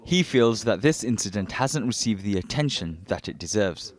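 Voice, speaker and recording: A male reporter reading scripted news narration in a measured, matter-of-fact way. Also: on the low side, lively intonation.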